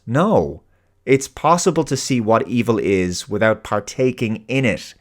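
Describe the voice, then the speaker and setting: A man's voice: medium pitch, animated, unhurried. An Irish man hosting his own show, delivering an earnest, emphatic opinion monologue. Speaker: host.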